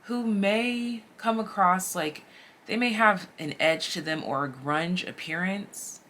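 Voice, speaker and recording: A woman giving a casual, chatty tarot reading straight to her viewers, animated and slangy. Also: on the low side, takes it slowly. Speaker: tarot reader.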